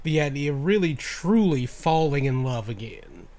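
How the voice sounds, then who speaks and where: Podcast co-host guy, bit higher voice, eager, always agreeing and adding on. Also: expressive, normal speed, a little mellow. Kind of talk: casual chat.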